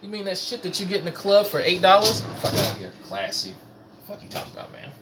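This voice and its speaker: Animated, profane man ranting. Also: sits high, fast, background noise. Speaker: commentary host. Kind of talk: casual ranting commentary.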